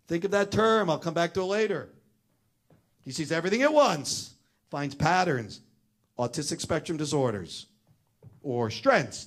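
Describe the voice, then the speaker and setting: A middle-aged man telling a family story as a talk, animated and acting out the voices of the people in it. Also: sits high.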